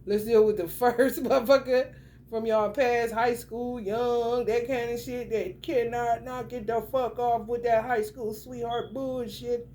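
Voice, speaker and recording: A woman's voice: a little high, steady tone, a little slow, a little mellow, a little hiss or hum. A woman giving a casual tarot reading to the camera, blunt and profane, talking straight at the viewer with lots of emphasis. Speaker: tarot reader.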